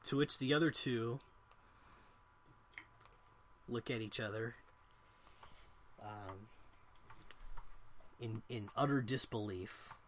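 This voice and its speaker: A man narrating as game master of a tabletop game, relaxed, with many fillers. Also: mid-range voice, takes it slowly, long pauses, slight background noise.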